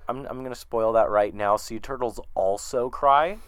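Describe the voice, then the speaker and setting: A man co-hosting a podcast, recapping a show in a relaxed storytelling way with quiet chuckles. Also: medium pitch, normal speed, few pauses, smooth. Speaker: podcast co-host. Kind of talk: casual chat recapping a show.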